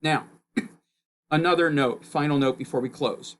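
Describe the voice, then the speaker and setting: A man teaching a recorded physics course in a loud, emphatic explaining voice, his pitch jumping up on key points. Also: normal speed. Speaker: physics instructor.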